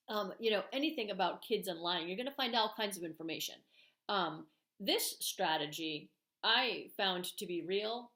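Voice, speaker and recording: A woman's voice: medium pitch, fairly bright tone, reverberant. A middle-aged woman hosting a parenting channel, giving casual advice to camera in a chatty way with many fillers, acting out what parents and kids might say. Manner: chatty, uses many fillers, acts out parent and kid lines.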